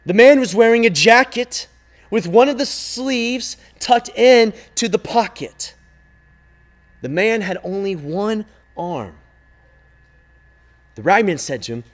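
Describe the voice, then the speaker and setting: A man telling a parable slowly and expressively, calling out loudly at times and sinking to a hush at others. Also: high-pitched. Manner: slow, expressive telling, swinging from loud calls to hushed near-silence. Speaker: storyteller. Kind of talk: dramatic storytelling.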